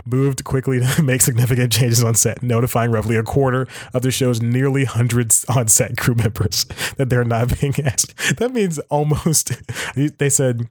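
A man's voice: medium pitch, moderate pace, darkish tone, no echo, studio quality. A man hosting a podcast alone, reading an article aloud and commenting casually, chuckling often and correcting himself as he rambles. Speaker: podcast host.

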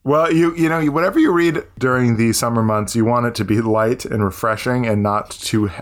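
A man's voice: mid-range voice, normal speed. Hesitant man musing on a podcast. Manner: hesitant, filler-heavy, self-mocking. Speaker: podcast co-host. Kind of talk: casual book podcast chat.

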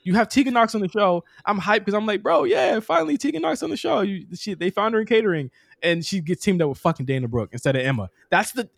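A young man riffs on wrestling with a co-host, animated, profane and quick to laugh. His voice sits a little high. It is recorded close and dry, with no room sound. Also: dry recording. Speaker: podcast co-host. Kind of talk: casual wrestling chat.

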